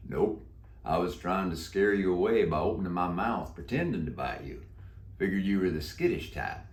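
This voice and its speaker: Man doing a deep, croaky cowboy zombie. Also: lively intonation. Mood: folksy. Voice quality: deep, croaky voice with a slow drawl. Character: old male cowboy zombie, slow and folksy. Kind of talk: storybook read-aloud. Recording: echoey room.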